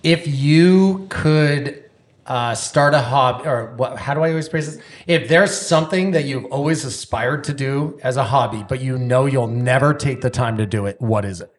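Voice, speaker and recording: A man's voice: medium pitch, normal speed. A man hosting a casual interview, upbeat as he runs questions and plugs his guests. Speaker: podcast host.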